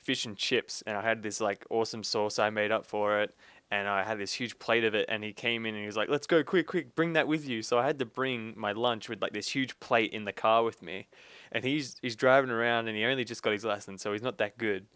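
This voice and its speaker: A man's voice: lowish voice, steady tone, fairly quick, bright, forceful tone, smooth, no echo. A man casually telling a rambling story to friends while they play a game, full of restarts and "like". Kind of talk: casual chat while gaming.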